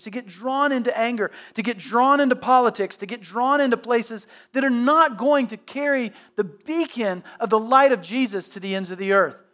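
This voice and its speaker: A pastor preaches conversationally in a medium-pitched, fairly bright voice. He puts direct questions to listeners and often restarts and repeats phrases.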